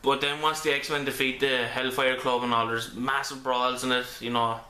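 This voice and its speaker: A man talks through a comic book review in a casual, rambling way, stopping often to restart his sentences. His voice is bright and forward. It is picked up on a camera mic in an echoey room at home. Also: medium pitch, little pitch movement, normal speed. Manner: rambling with many ums and restarts.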